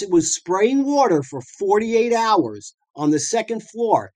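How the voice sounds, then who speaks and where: Middle-aged dentist guy from the northeast telling stories, kinda high voice, dry close sound. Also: normal speed, few pauses, dry recording. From northeastern United States. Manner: lively storyteller, colloquial, frequent fillers and restarts. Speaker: dentist and practice owner guest. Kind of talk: anecdotal storytelling talk.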